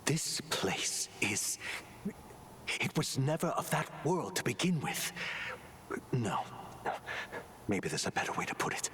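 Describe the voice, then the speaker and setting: An actor playing a mysterious, condescending male author in a video game, speaking in a slow, hushed, breathy whisper. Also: medium pitch, big pitch swings, a little hiss or hum. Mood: hushed, grave. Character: mysterious grandiose male author, cold and lecturing.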